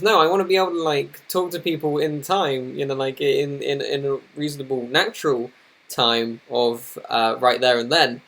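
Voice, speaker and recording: A man's voice: a little high, normal speed, gravelly, a bit bright. A young man live streaming at his computer, flustered and apologetic, rambling with many restarts. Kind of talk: casual live-stream chat. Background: noisy laptop fan.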